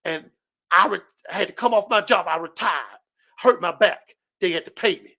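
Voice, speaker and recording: A man's voice: high voice, normal speed, creaky. A man speaking as a guest on a live-stream panel, delivering an impassioned, profane political rant full of repetition and swearing. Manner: shouting, preachy, repetitive, heavy swearing.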